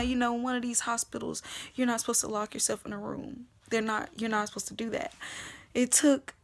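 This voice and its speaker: A young woman telling her personal faith testimony, swinging between hushed whispers and loud emotional outbursts. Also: a little high, vocal fry.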